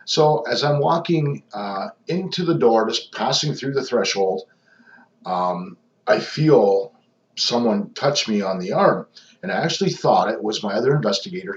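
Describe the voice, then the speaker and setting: A man who investigates hauntings talks casually through footage, rambling with lots of ums and restarts. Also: fairly low pitch. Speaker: paranormal investigator. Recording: echoey, dull lo-fi sound.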